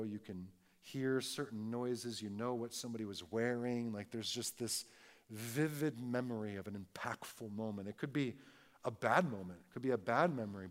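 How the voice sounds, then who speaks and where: A man, a pastor, preaching a conversational sermon, punctuating points with tag questions and moving between loud emphatic stresses and quiet, slow reflective passages. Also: mid-range voice.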